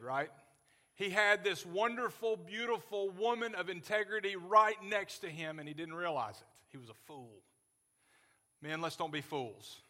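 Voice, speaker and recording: A man's voice: a little high, pushed and bright. A man in his forties preaching a sermon as pastor, earnest and folksy, joking with his congregation. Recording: long hall reverb.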